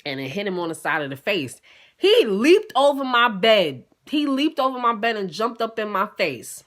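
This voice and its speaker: A young woman telling a personal story in a casual, profane, animated way, acting out both sides of a dialogue. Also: mid-range voice, normal speed.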